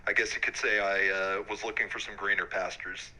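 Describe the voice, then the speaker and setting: A man in his thirties, an Army warrant officer, talking frankly in a relaxed interview with many fillers. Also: low voice, a little fast, poor audio. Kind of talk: casual interview.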